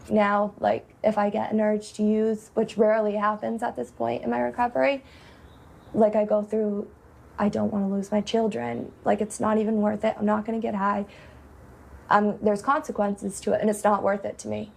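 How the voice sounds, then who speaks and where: A woman's voice: medium pitch, flat delivery, moderate pace, gravelly, a little mellow. A woman in her twenties from Massachusetts, talking candidly in an interview with many filler "like"s. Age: 20s. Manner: casual, full of filler "like"s. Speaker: interviewee in recovery.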